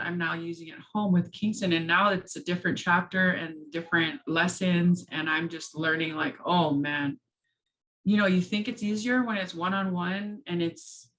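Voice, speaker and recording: A woman hosting a casual chat, telling stories and acting out quoted lines with big jumps in her voice. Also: low-quality recording. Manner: animated storyteller, acts out quotes with big pitch jumps. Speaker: host.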